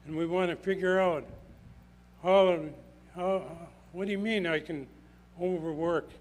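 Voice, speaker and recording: A man's voice: high voice, fairly even intonation, measured pace, poor audio. Emphatic older man preaching. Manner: emphatic, repeats phrases for stress. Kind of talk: sermon.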